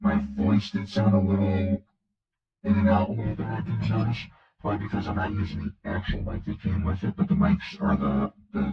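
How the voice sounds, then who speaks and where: Man through a voice-changer filter, echoey. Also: fairly low pitch. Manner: chatty, playful. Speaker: tech reviewer. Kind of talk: casual product demo. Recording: distant, echoey, dull lo-fi sound.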